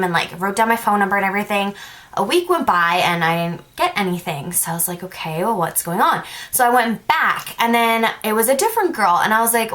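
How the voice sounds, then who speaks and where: A woman's voice: a little high, a bit bright. A young woman talks straight to her camera in a casual storytime vlog. She rambles in a chatty way, with "like" in nearly every sentence, and acts out what each person said. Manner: chatty, says "like" a lot, acts out both sides of conversations. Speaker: vlogger.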